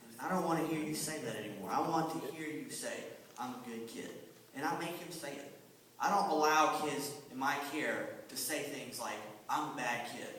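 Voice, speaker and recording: A man's voice: a little high, animated, normal speed, fairly bright tone. A man who teaches a children's church class, giving an earnest testimony with lots of repetition for emphasis. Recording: echoey hall from far off.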